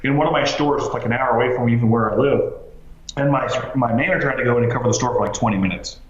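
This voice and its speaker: A man telling his story as a podcast guest, animated, with lots of fillers and restarts. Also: mid-range voice, fast talker. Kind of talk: casual storytelling interview. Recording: roomy, slightly dull sound.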